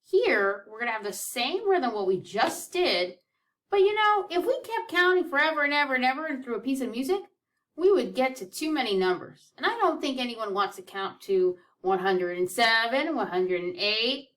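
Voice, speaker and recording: A woman's voice: fairly high pitch, big pitch swings, normal speed, a bit bright, recorded from a distance. A woman teaching a children's music lesson, counting beats aloud in an upbeat, encouraging way.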